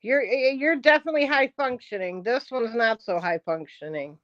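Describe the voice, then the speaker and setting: A woman's voice: a little high, normal speed, a bit bright, dry recording, muffled recording. A woman livestreaming in a casual rant, combative and profane, answering her chat.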